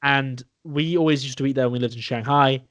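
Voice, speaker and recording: A man's voice: mid-range voice, steady tone, fairly quick, fairly bright tone, no room sound. A young man co-hosting a podcast, chatting over beers, enthusing about food with restarts and the odd swear. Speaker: podcast co-host. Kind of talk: casual chat over beers.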